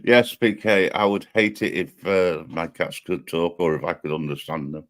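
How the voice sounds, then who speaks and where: A man's voice: sits low, fairly even intonation, normal speed, a bit bright. A man co-hosting a casual livestream chat, rambling with many ums, chuckling and teasing dryly. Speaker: livestream co-host.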